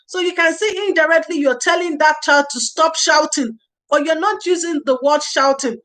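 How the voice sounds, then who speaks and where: A woman hosts a casual livestream about early years parenting. Her voice sits high. She reads out viewer comments, thanks people by name, and gives earnest advice in which she repeats her key phrases. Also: normal speed, fairly bright tone, rough recording. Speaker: livestream host.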